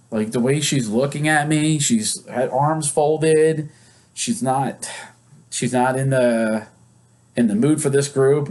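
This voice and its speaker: A male psychologist who leads therapy groups, teaching casually and acting out example scenes in quoted voices. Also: mid-range voice. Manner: conversational, with many fillers.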